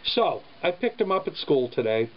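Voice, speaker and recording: A man, a father, telling a story about his son in a casual vlog, speaking in an earnest, halting way. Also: on the high side, sing-song. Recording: dull lo-fi sound with faint background noise.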